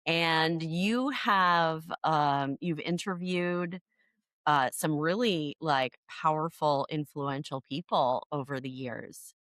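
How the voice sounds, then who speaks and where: Brief: woman podcast host, low pitch, dry close mic, eager and talkative, full of fillers. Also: takes it slowly, fairly bright tone, no room sound. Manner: chatty and enthusiastic, many "like" fillers. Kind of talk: casual interview chat.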